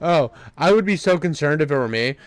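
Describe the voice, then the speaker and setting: Man, reaction streamer, high voice, dry close sound, crude and profane, laughs a lot. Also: animated, fairly quick, dry recording. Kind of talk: casual reaction commentary.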